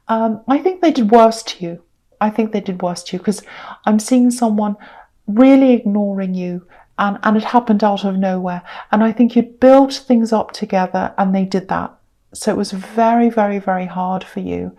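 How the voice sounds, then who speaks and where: A woman's voice: medium pitch, warm tone. A woman giving a tarot reading straight to the viewer, emphatic and repetitive, with many ums and the odd drop to a whisper. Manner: emphatic, repeats words, frequent ums, sometimes drops to a whisper. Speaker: tarot reader.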